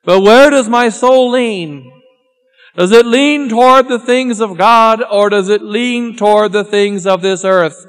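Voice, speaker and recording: High-voiced preacher in a reverberant church. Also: male voice, a little slow. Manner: grave, solemn, swings from raised to hushed. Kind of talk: sermon. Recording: long church reverb with faint music.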